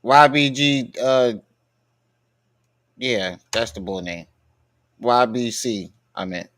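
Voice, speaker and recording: A man's voice: medium pitch, slow pace, fairly bright tone. Male streamer, blunt profane reaction commentary. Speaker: live-stream host reacting to clips. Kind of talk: casual live-stream commentary.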